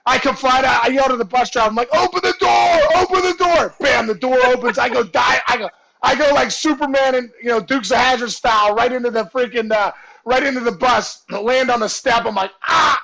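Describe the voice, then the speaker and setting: Man guest, high gravelly voice, lively storyteller on a video call, shouts out the punchlines. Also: fairly quick, rough recording. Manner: animated, acts out voices and shouts in his stories. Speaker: guest storyteller, former ballplayer. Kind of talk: casual storytelling chat.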